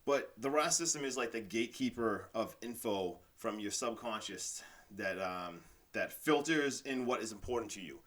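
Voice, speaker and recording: On his own podcast, a male host with a lowish, slightly bright voice talks at a moderate pace with few pauses. His motivational monologue is casual, animated, and rambling, peppered with fillers, especially "like" and "literally."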